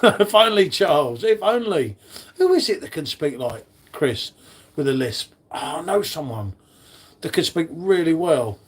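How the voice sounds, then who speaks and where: A man's voice: fairly high pitch, very animated, unhurried. A man hosting a casual live stream, chatting with viewers in the chat by name. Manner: chatty, matey, talks to chat readers by name.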